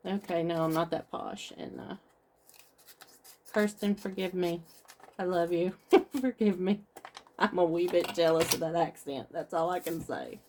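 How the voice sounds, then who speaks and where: A woman's voice: lowish voice, moderate pace, a little mellow, slight background noise. A woman craft vlogger chatting casually with viewers as she talks through each step of her project. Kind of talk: casual craft tutorial chat.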